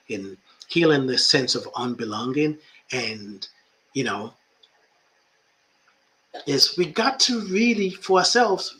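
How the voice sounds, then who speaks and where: A man's voice: medium pitch, pushed and bright. A man who is a life coach and podcast host, talking reflectively about spirituality and often repeating phrases for emphasis.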